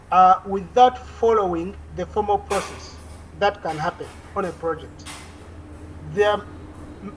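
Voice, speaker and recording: A woman's voice: medium pitch, low-quality recording. Woman teaching an online class on a call, mid voice, lots of uhs, bit of faint noise. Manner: explanatory, frequent "uh" fillers and restarts. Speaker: lecturer.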